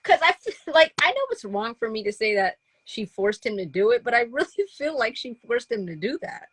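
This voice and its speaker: Female co-host, higher voice with a slightly husky edge, lively casual chatter full of giggles. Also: fairly quick. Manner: giggly, animated, trails off. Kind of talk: casual chat.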